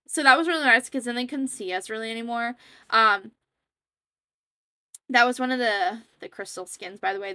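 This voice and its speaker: A woman's voice: on the high side, sharp tone, dry recording. A young woman casually rambling as she comments over her own gameplay footage, chatty and self-deprecating. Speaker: gaming YouTuber.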